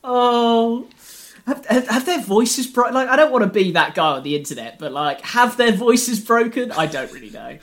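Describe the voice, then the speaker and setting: Wry young man, lively pitch. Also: normal speed. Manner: wry, joking, self-deprecating. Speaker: podcast co-host. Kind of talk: casual chat.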